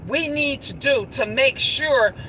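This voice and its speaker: Woman vlogger, high and bright voice, animated storytelling, faint traffic noise behind. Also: slow, low-quality recording. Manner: animated storytelling, repeats phrases, quotes others. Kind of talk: casual storytime vlog.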